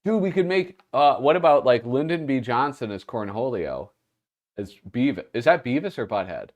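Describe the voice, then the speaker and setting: A man's voice: mid-range voice, very animated, moderate pace. A man with a Minnesota accent, hosting a podcast in casual, laughing banter. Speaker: podcast host. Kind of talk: casual chat.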